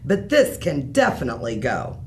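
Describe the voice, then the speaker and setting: A woman's voice: a bass voice, big pitch swings, moderate pace, darkish tone, a little hiss or hum, voice pushed down. A woman reading a bedtime story aloud, voicing a firm, exasperated mother sorting her son's toys.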